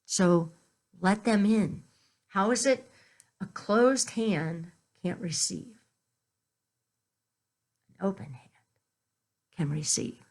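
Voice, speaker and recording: Slow, gentle woman minister preaching. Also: fairly low pitch, creaky. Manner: gentle, slow storytelling with conversational asides. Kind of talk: sermon.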